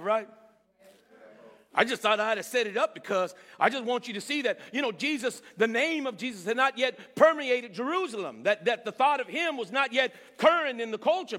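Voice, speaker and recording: A man preaching a sermon with emphatic repetition, rising to shouts. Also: very high voice.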